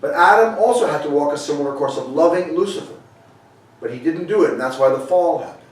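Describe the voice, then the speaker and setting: A man's voice: fairly high pitch, expressive, quick pace. A man preaching a sermon in a conversational way, retelling scripture with frequent restarts. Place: sanctuary hall. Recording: very echoey room, voice from far off.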